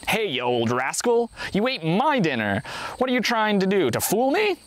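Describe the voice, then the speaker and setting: Guy doing a cranky old blind man squabbling over dinner, voice pushed up high, storybook reading. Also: wildly swooping pitch, normal speed. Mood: angry. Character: grumpy old blind man, accusing and peevish.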